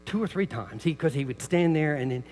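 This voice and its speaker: A man's voice: on the high side, expressive, fairly quick, in a large hall, slight background noise. An older man, a pastor preaching a sermon, telling stories, who often repeats words as he starts a phrase. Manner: storytelling, repeats words at the start of phrases, rises loud when quoting. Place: church sanctuary.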